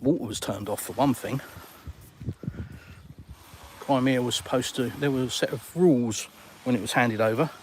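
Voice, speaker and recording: A middle-aged man with an English accent, hosting a casual live Q&A outdoors. He talks bluntly and teases viewers with jokey banter in a middle-pitched voice. Faint ambient noise sits behind him. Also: moderate pace, pauses often. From England. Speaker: livestream host. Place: outdoors on a sunny balcony.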